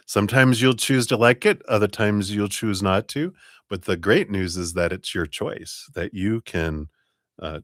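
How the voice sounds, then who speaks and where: A man with a very low voice reads tarot cards for viewers on a live stream. He talks in a chatty, easygoing way, laughs often and drags out words for emphasis, and the sound is dry and close. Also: dry recording. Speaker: tarot reader.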